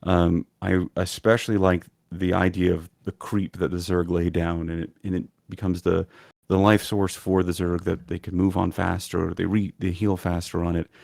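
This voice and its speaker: A man's voice: low-pitched, level tone, normal speed, vocal fry, darkish tone, no room sound, studio quality. A man being interviewed on a podcast, talking thoughtfully and hesitantly with many ums. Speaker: podcast guest, lore video creator. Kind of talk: casual interview chat.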